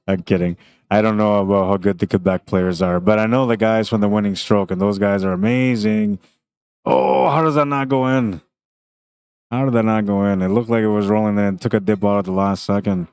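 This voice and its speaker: A man's voice: fairly low pitch, normal speed, clean tone, no room sound. A man doing live commentary on a pool tournament stream, chatting casually and reading viewer comments between shots. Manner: relaxed, chatty, laughs often. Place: tournament venue.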